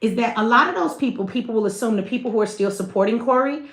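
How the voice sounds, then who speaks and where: Speaking fast in a slightly bright voice on the high side, a woman hosts a livestream in a roomy-sounding space. She talks frankly to her chat, swearing freely throughout her commentary.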